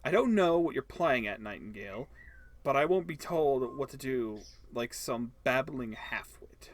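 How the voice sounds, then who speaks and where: A man's voice: mid-range voice, expressive, measured pace. A man doing a curt, grumpy homeowner. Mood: gruff, curt. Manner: curt, dismissive. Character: grumpy stubborn middle-aged man, new homeowner.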